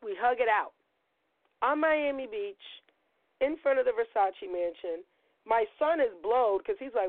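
A middle-aged woman hosting a podcast, telling a story in a loud, profane, animated way and acting out the quotes, her voice a little gravelly as it recovers. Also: a little high, unhurried, dry recording. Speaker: podcast host. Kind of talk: storytelling monologue. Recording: tinny phone-like line.

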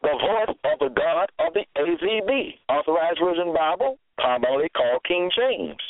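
A man preaching a sermon slowly and emphatically, his pitch swinging widely as he stresses words. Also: sing-song, no room sound. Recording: tinny phone line, dry.

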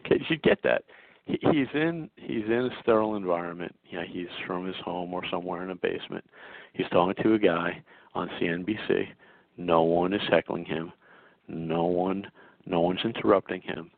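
A man's voice: deep voice, moderate pace, vocal fry, no room sound. A male host giving an insistent political commentary monologue, full of stammering restarts. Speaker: talk show host. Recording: dry tinny phone-like sound.

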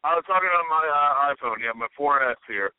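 A man chatting casually on a phone call, excitable, laughing easily and repeating himself. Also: a little high, fairly quick, smooth, no room sound. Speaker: regular panelist. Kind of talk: casual chat over the phone. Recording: dry, tinny phone line.

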